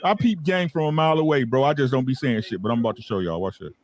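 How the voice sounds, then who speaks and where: A man's voice: medium pitch, fast. A man in casual, profane banter about a boxing match, impatient and repeating himself. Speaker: boxing show co-host.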